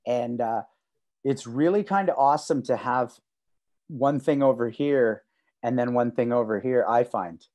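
Mellow-voiced man telling animated stories. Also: unhurried. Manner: animated storyteller who acts out quotes with sudden loud high bursts. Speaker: podcast co-host. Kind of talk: casual conversation on a video call. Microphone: video call.

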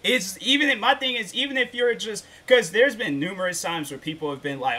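Bright and forceful, a man holds forth on camera in a rambling, slangy rant, circling back with fillers and restarts. His voice sits a little high for a man, and he leans in hard whenever he insists on a point. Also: lively intonation, brisk, few pauses. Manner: emphatic, insistent when making a point. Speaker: YouTuber. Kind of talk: casual rant.

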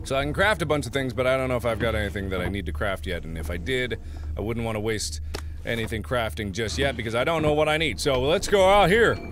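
A man's voice: medium pitch, fast talker, noisy background. A man hosting casual gameplay commentary, joking and laughing often. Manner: animated, jokey, laughs often. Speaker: let's-play host.

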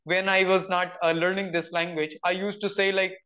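Young Indian man, Indian English accent, high voice, earnest and filler-heavy, dull lo-fi audio. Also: level tone, moderate pace, pushed and bright. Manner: earnest, uses many "like, you know" fillers. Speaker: guest, English learner. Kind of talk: casual conversation.

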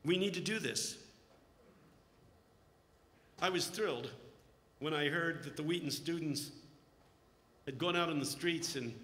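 A man preaching a humorous sermon at a conference, telling stories with jokes in an echoey hall. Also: a little high. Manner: joking, animated storytelling. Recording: echoey hall, long reverb.

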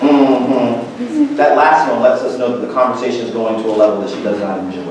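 Man speaking in a booming echoey hall. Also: racing, a little hiss or hum. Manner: storytelling, acts out quoted voices. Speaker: guest speaker. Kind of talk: motivational school assembly talk. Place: school auditorium. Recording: very echoey hall, mic far off.

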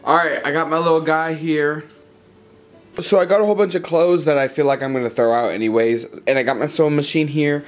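A young man chatting excitedly while he makes a craft project in a casual vlog. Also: a little high, fairly quick, soft background music. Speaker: craft vlogger.

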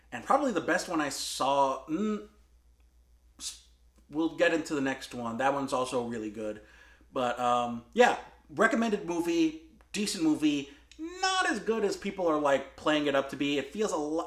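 A man's voice: fairly high pitch, a bit bright. A man hosting a movie review show, talking casually with many fillers and restarts. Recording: roomy room.

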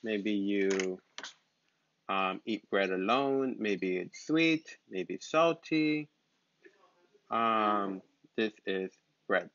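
Male teacher, lowish voice, patient drilling of simple words, lo-fi recording. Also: animated, fairly bright tone, no room sound. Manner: repeats words slowly and patiently. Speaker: English teacher. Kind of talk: slow, simple vocabulary lesson. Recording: dull, lo-fi sound.

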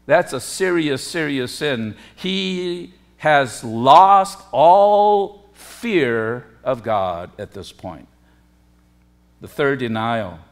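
A man preaching a sermon as pastor, emphatic, with forceful rising peaks on key words. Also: mid-range voice. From lived in Korea.

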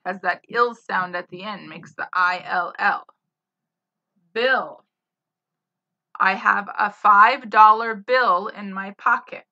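A woman teaching spelling, saying each word slowly, spelling it letter by letter and using it in a sentence. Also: mid-range voice, pushed and bright. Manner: spells words letter by letter, then gives example sentences. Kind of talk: slow dictation of spelling words. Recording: slightly dull lo-fi sound.

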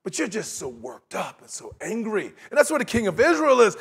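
A man preaching a sermon in a conversational, animated way, acting out quotes and laughing along with his points. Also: high voice, fairly quick, vocal fry, husky.

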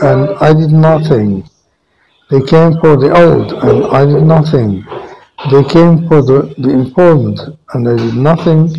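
Brief: a male storyteller, unhurried, midrange voice, reading a moral tale with asides. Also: medium pitch, gravelly, highs cut off. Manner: deliberate, with small restarts. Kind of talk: reading a fable aloud with commentary.

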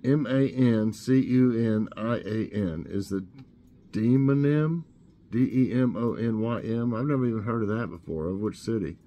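A man hosting a casual trivia show, reading questions aloud and thinking out loud as he guesses. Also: on the low side, normal speed, lo-fi sound. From Tennessee. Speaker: host.

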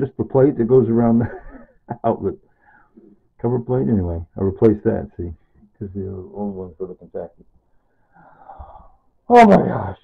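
An older man vlogging casually at home, excitedly showing his tomato plants and repeating exclamations, filmed on a camera held close. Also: medium pitch, gravelly, no room sound. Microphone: phone camera held close. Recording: dry tinny phone-like audio.

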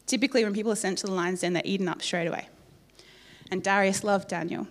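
A woman preaching a sermon in church, telling the story in a lively way with playful asides to the congregation. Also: mid-range voice, fast.

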